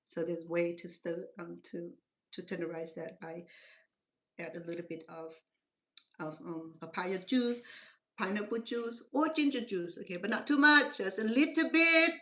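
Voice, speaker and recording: A woman's voice: lowish voice, moderate pace, pushed and bright. Middle aged cambodian accent lady rambling away in her kitchen, chatty cooking vlog, broken english, stories everywhere. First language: Khmer. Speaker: home cooking channel host. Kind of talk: casual chatty cooking talk.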